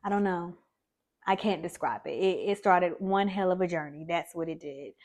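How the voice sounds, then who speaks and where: A woman's voice: on the low side, normal speed, darkish tone. A woman vlogger candidly telling her own story, reflective and conversational with plenty of fillers.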